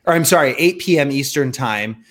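A man in his thirties co-hosting a podcast, telling a story in rambling, excitable casual chat full of fillers. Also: medium pitch, a little fast. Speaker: podcast co-host.

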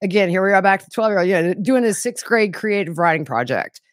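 A woman guest on a podcast, chatting candidly and animatedly with quick asides. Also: medium pitch, expressive, dry recording, studio quality. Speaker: podcast guest, trial reporter. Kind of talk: casual interview chat.

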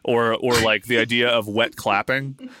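A man's voice: medium pitch, steady tone, normal speed, crowd noise. A man hosting a podcast in loose, joking banter, rambling and swearing freely. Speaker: podcast host.

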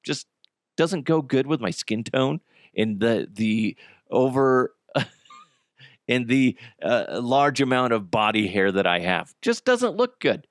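A male podcast host rambles through crude, jokey stories with a lively, swinging delivery. He laughs often and acts out other people's voices. His voice sounds dry and close. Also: medium pitch, slow, no room sound. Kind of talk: casual comedic monologue.

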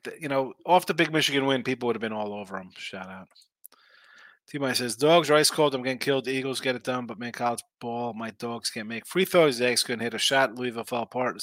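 A man's voice: mid-range voice, sharp tone, no echo. A tired man hosting a sports betting live stream, chatting casually and reading viewer comments aloud in a laid-back, slangy, rambling way. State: tired, yawning, injured arm. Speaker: sports betting show host.

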